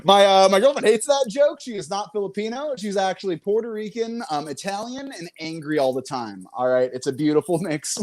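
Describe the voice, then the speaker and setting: A man's voice: high voice, a little fast, darkish tone. A young man doing a self-mocking stand-up set, chuckling between jokes. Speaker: comedian and show host.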